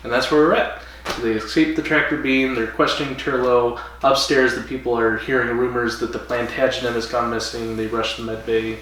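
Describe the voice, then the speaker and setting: A man retells an episode in a relaxed podcast chat, leaning on fillers as he goes. He is far from the mic in a strongly echoing room, with a faint hiss underneath. His voice sits at an everyday middle pitch. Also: fairly quick. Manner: loose storytelling with fillers. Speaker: podcast co-host. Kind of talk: casual chat recapping an episode. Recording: roomy, distant, faint noise.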